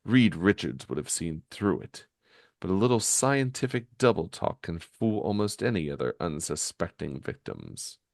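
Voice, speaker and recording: A man voicing a scheming, gloating male comic villain, smug and measured, in a low voice. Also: lively intonation, dry recording, clean studio sound.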